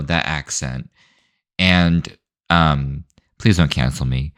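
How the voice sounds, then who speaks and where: A man's voice: rumbling low, slow, a bit bright, clear, resonant tone, no echo. A man hosting his own show, talking alone in a loose, rambling way, full of fillers, restarts and hedging asides. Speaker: show host. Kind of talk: solo opinion rant.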